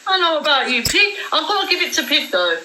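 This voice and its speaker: A woman's voice: high-pitched, big pitch swings, a little fast, sharp tone, roomy sound, poor audio. A woman hosting a heated live-stream debate, emphatic and swearing as she argues her point. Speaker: livestream host.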